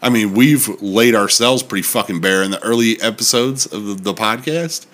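A man's voice: on the low side, moderate pace, a bit bright. A young man co-hosting a podcast, talking bluntly and dryly, swearing casually. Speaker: podcast co-host. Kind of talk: casual chat.

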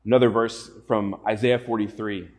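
A man's voice: lowish voice, little pitch movement, normal speed. A man preaching a sermon as pastor to a congregation, earnest and often putting questions to his listeners.

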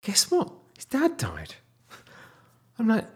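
A man in his thirties casually telling a personal story, animated, sometimes dropping to a whisper. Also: a little slow, breathy edge. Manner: animated, wide swings in pitch and loudness, drops to whispers.

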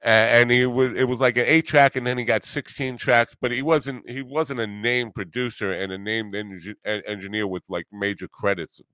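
A man's voice: medium pitch, fairly even intonation, normal speed, few pauses, sharp tone, clean tone, no room sound. A middle-aged man hosting a podcast, rambling bluntly with lots of swearing and filler words. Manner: blunt, profane, self-deprecating, many fillers. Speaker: podcast host and musician. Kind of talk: casual rambling chat.

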